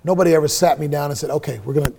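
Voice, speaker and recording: Against a crowd in the background, this profane middle-aged musician races through stories in a casual interview, animatedly performing quoted dialogue. His pitch is fairly high and his voice gravelly.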